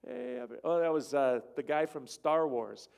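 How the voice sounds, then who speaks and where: Speaking to a church gathering over slides, a man with a slightly high, creaky, somewhat mellow voice tells a travel story at a measured pace in a clean tone. He rambles from point to point and slips into the voices of the people he quotes.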